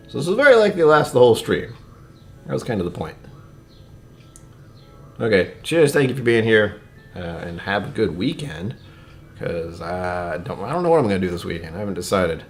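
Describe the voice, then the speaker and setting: A man streaming a casual whiskey tasting, rambling to his viewers and muttering asides that sink to near-whispers. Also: deep voice. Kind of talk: casual livestream chat.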